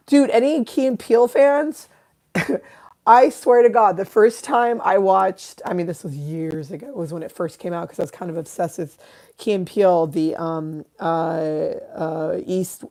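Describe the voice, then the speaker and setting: A woman's voice: fairly low pitch, warm tone. A woman in her thirties hosting a casual livestream, rambling, swearing freely and reading out chat comments. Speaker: livestream host.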